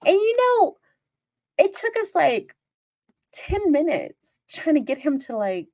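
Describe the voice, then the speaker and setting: A chatty woman hosts her own podcast, telling a story in a loose, casual way. Her pitch swoops up and down as she exclaims and acts out the moments. The voice sounds close and dry, with almost no room sound. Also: takes it slowly, no room sound. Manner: animated, chatty, exclaims and re-enacts scenes. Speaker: podcast host.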